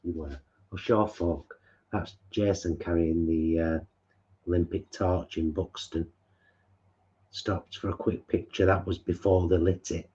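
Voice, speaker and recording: A man's voice: deep voice, fairly even intonation, unhurried, mellow, highs cut off. A man co-hosting a casual live stream from home, chatting in a down-to-earth, bantering way. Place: home lounge.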